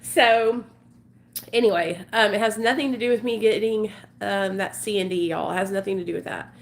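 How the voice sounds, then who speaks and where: In her forties, a woman vlogger speaks at a moderate pace in a medium-pitched voice, talking candidly to her viewers. Her confessional is emotional and earnest, rambling along with plenty of fillers.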